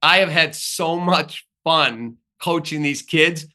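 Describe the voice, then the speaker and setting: Bright, lively man telling sports stories. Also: a little high, takes it slowly. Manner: lively storyteller who acts out the people he quotes. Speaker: podcast guest. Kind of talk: animated sports storytelling.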